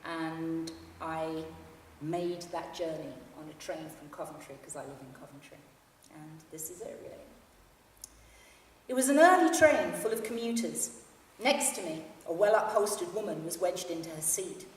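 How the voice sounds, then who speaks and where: Reading her memoir aloud to a library audience, this woman in her fifties has a deep, expressive voice at normal speed and a dry, understated manner. The hall echoes, and the microphone is far away.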